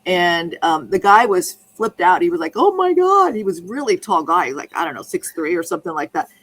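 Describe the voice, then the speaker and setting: A woman's voice: on the low side, brisk, a bit bright, breathy edge, rough recording. A woman in casual conversation, telling a rambling anecdote that keeps restarting and circling back.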